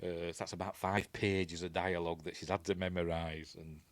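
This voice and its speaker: A man's voice: sits low, level tone, moderate pace, dry recording. A man with a Yorkshire accent giving a casual, rambling film breakdown, full of fillers and restarts. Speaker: film reviewer.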